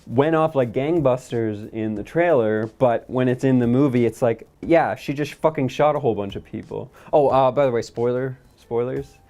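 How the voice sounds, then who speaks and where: A man's voice: medium pitch, moderate pace, hardly any pauses, dark tone. Sarcastic guy ranting about a movie. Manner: blunt, sarcastic, swears freely. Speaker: movie review podcast host. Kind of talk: casual movie review chat.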